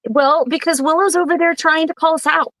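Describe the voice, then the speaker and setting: A woman's voice: extremely high pitch, fairly even intonation, brisk, a bit bright, no echo, rough recording. A middle-aged woman co-hosting a casual podcast, chatting and joking with her live chat. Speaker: podcast co-host.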